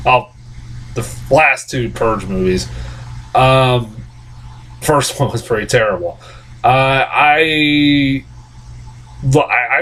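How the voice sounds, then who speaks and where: A man's voice: mid-range voice, a bit bright, a little hiss or hum. Man, casual film reviewer, blunt and profane, stammery restarts. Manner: exasperated, blunt. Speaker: movie reviewer.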